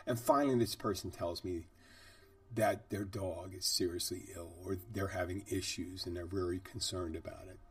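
A man's voice: low-pitched, fairly even intonation, normal speed, distant mic. A middle-aged man, a bartender hosting a podcast, telling stories and reflecting in a rambling, conversational way. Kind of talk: reflective storytelling monologue.

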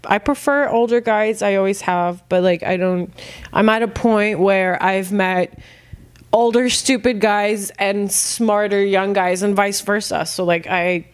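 A woman's voice: mid-range voice, fairly even intonation, measured pace, smooth. A young woman hosting a casual podcast chat, reading listener questions aloud and answering bluntly with frequent laughs. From Arab family. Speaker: podcast host.

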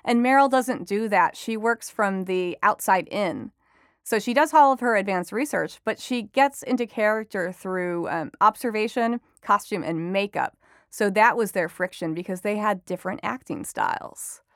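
A woman's voice: medium pitch, normal speed, a bit bright, no echo, studio quality. A woman reporter and author answering interview questions in a chatty way, laughing often, with many fillers.

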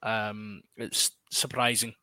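A man's voice: lowish voice, flat delivery, slow, bright, forceful tone, clean tone, no room sound. A man hosting a sports podcast in a wry, casual way, reading out listener comments. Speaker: podcast host.

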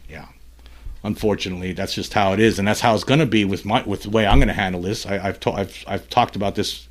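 A man's voice: lowish voice, steady tone, fast. A man hosting a solo commentary podcast, talking in a rambling, heated way, full of restarts and fillers. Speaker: podcast host.

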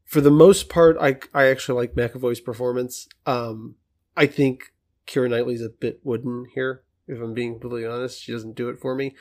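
A man's voice: medium pitch, fairly even intonation, normal speed, darkish tone. Hesitant man thinking aloud. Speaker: podcast co-host. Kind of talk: casual film discussion.

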